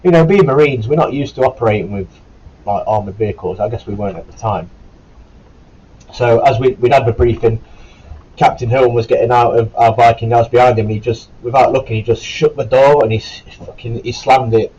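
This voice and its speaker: A former Marine recruit telling a casual, rambling story to camera, with a sore, cough-prone throat and a sweary, self-correcting way of talking. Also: male voice, mid-range voice, a little fast, warm tone, breathy edge, highs cut off.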